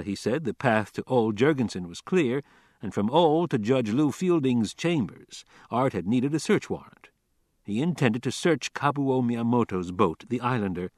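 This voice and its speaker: An audiobook narrator reads a novel from a script in a measured, expressive way. His voice is mid-range, and the recording is dry with clean studio sound.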